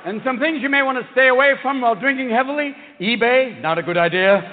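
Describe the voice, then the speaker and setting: A man doing a manic stand-up comedy routine, firing off jokes and bursting into shouted voices. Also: very high voice, quick pace, a little hiss or hum. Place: large live venue. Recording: tinny, echoey live hall recording.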